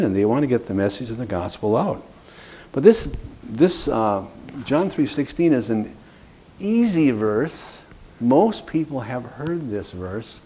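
A man teaches a class in an earnest, plain way, doubling up words to stress them. His voice sits at a middle pitch and has a warm, mellow color. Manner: earnest, repeats words for emphasis. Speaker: evangelism trainer.

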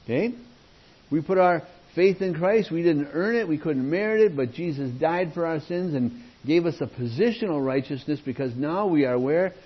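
A man's voice: on the high side, expressive, moderate pace, slightly rough, dull audio. A man teaching from the Bible like a sermon, going through the verses and putting questions to his listeners.

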